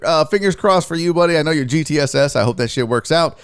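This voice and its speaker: A man's voice: a little high, fast, hardly any pauses, clean tone, no echo, studio quality. A man hosting a sports live stream, rambling and joking with a profane, casual manner as he greets viewers by name. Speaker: sports show host.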